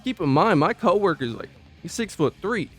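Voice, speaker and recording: A man's voice: sits high, moderate pace, husky. Profane guy telling stories. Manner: profane, slangy, animated, stammers on restarts. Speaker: vlogger recounting old job. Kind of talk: casual storytelling. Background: faint background music.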